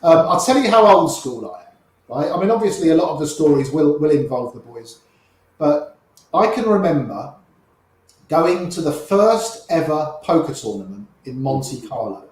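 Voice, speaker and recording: An older man, a poker player, telling old stories in an animated way and quoting people in quick little voices. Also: fairly high pitch. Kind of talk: anecdotal storytelling. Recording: very echoey room.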